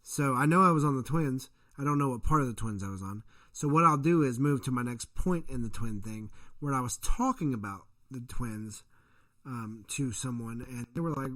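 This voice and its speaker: A man's voice: medium pitch, normal speed, fairly bright tone. A man who is a father, co-hosting a casual podcast, telling a story in a rambling, profane way and acting out the people in it. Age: adult parent. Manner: profane, rambling storyteller, acts out quoted voices. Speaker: podcast co-host.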